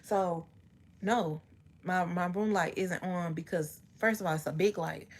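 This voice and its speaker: A woman's voice: on the low side, unhurried. A woman in her bedroom telling a personal story to her live chat, ranting and cursing freely as she talks straight to viewers. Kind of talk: casual storytime livestream.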